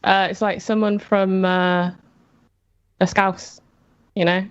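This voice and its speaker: A woman's voice: medium pitch, flat delivery, slow pace, smooth, dry recording, lo-fi sound. A woman answering quiz questions on a live stream, hesitant and giggly. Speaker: quiz contestant. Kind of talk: casual chat.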